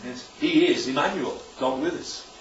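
A man with a fairly high voice, speaking at normal speed, delivers an informal sermon with slides in a church hall and often asks "right?" and "isn't that lovely?". There's slight background noise in the roomy, distant and dull recording.

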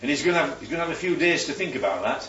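A man's voice: fairly high pitch, expressive, rapid-fire, fairly bright tone, slight background noise. A man leading a Bible study, teaching and quizzing the group with questions. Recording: roomy, distant, dull sound.

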